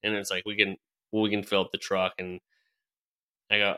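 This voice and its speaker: A man's voice: lowish voice, a little fast, pauses often, sharp tone. A young man telling a rambling story in casual chat, full of fillers, restarts and laughs. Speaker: podcast co-host telling a story.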